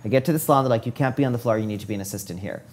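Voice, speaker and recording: Speaking at a racing clip in a lowish voice, a forties-aged hair stylist tells the story of his career during a casual interview. He animatedly acts out the things others said to him, and there's slight hiss or hum on the audio.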